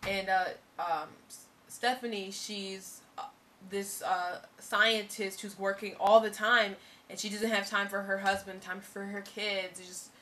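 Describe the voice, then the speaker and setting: A young woman co-hosting a casual TV review chat, talking in an animated way with many fillers and restarts. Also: medium pitch, a little slow. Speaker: co-host of a TV review show.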